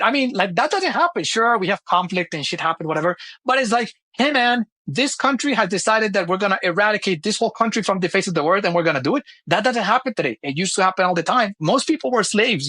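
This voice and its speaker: A middle-aged man talking as a podcast guest, animated and blunt, swearing freely and acting out little dialogues. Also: high voice, no echo. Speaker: podcast guest, company founder. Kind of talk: casual interview talk.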